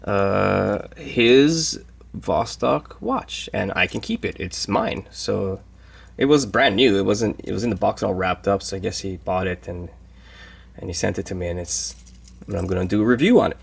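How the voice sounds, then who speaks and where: A man casually reviewing a watch in a vlog. He talks in an easygoing, halting way with many fillers. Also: low-pitched, expressive, creaky, breathy edge.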